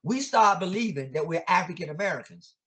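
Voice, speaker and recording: A man's voice: high-pitched, lively intonation, a little fast, crowd noise. A man, an educator, speaking in an impassioned, preacher-like way, asking many rhetorical questions and using casual vernacular grammar. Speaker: educator guest. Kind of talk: impassioned conversational teaching.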